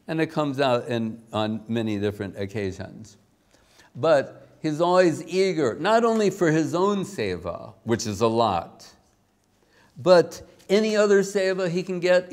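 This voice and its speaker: A man giving a spiritual talk, telling a personal story in a slow, rambling, self-deprecating way. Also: mid-range voice, a little mellow. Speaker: spiritual teacher.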